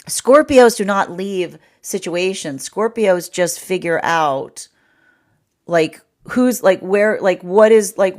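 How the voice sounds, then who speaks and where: Woman, low voice, tarot reader, rambling, acts out little inner voices, laughs a lot. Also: a little fast. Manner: rambling, animated, voices imagined inner thoughts; laughs often. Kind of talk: livestream tarot reading.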